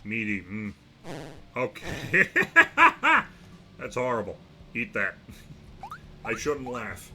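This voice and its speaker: A man's voice: lowish voice, unhurried, pauses often, pushed and bright, slight background noise. A young man streaming a game, reacting with wry asides as he plays. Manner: wry, talks to himself while reacting to the game. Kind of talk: let's-play commentary.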